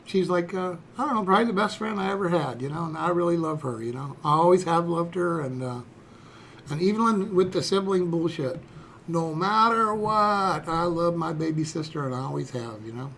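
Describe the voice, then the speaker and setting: A man's voice: a little high, brisk, slight background noise. A man in his sixties, a streamer telling a personal story in a rambling, folksy way, dropping "you know" and "okay" throughout. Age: 60s.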